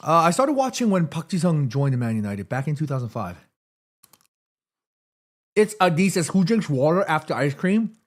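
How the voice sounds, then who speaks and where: A man hosts a casual livestream from his room, reading out chat messages between bites. His voice sits slightly high and moves up and down a lot, and his throat is a little sore. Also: very animated, moderate pace, long pauses. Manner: chatty, reads chat messages aloud, eats between lines. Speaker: livestream host. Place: home room.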